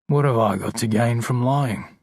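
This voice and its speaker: A weary old man, guarded and plain-spoken, as a male reader puts him on. The voice is husky and dry. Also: mid-range voice, moderate pace, a little mellow, dry recording, natural voice. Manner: older, wearier voice.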